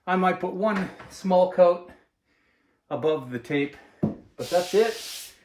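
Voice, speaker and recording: A man's voice: high voice, takes it slowly, echoey room, a little hiss or hum. A man in his thirties, hosting his own channel, talking casually to the camera while he works inside an unfinished cabin. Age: 30s. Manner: relaxed, chatty, explains steps plainly. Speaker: host of a cabin-building channel.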